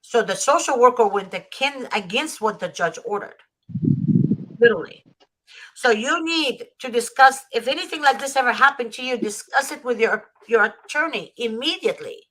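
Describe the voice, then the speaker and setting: A woman's voice: a little high, moderate pace, fairly bright tone, poor audio. A woman hosting a talk show, giving advice and repeating key points with emphasis. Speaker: host. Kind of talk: advocacy talk show with guests.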